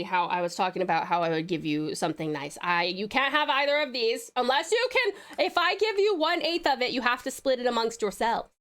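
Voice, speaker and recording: A young Australian woman streaming live, chatting with viewers in a bubbly, giggly way while she snacks. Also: on the high side. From Tasmania, Australia. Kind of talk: casual live stream chat.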